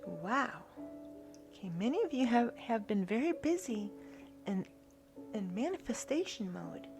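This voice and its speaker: A woman giving a spiritual tarot reading in a soft, earnest way, now and then dropping to a hushed whisper. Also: a little high, very animated, unhurried, vocal fry, long pauses, over music. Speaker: tarot reader.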